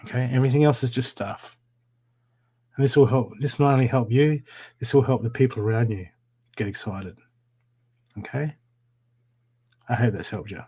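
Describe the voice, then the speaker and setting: A man doing live-stream card readings, talking warmly and repetitively to viewers by name. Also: mid-range voice, normal speed, long pauses, breathy edge. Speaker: psychic reader.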